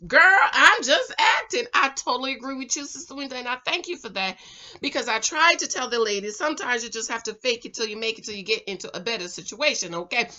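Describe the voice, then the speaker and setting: A woman's voice: on the high side, fast talker, dull audio. A middle-aged woman giving a casual, chatty show review from her home, talking straight to her female viewers and checking in with "okay?". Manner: animated, talks straight to viewers as "girl" and "ladies", keeps checking with "okay?". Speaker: vlogger reviewing a reality show.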